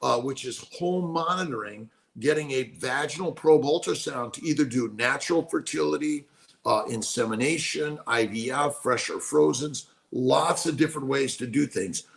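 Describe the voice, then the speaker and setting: Gravelly man in his late sixties. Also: medium pitch, normal speed. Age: 60s. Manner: enthusiastic, repetitive, preachy. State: speaking quietly while someone sleeps. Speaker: host. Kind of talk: casual live-stream talk.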